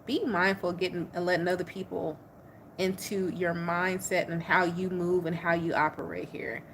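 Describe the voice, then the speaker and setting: A woman giving a casual tarot reading in an animated, slangy way, repeating points for emphasis. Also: lowish voice, normal speed, a little hiss or hum. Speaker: tarot reader.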